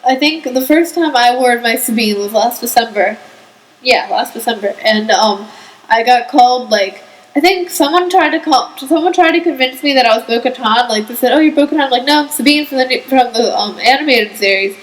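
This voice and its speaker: Chatty teenage girl with a high voice. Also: moderate pace, rough recording. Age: teens. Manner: lively storyteller, acts out quotes, says "like" a lot. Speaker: podcast co-host. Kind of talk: casual chat.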